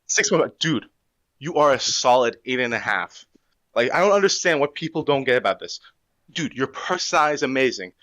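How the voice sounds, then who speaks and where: A teenage boy calling in to a casual stream chat, rambling enthusiastically in slang, with a high voice. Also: lively intonation, brisk, fairly bright tone, no echo. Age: teens. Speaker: caller.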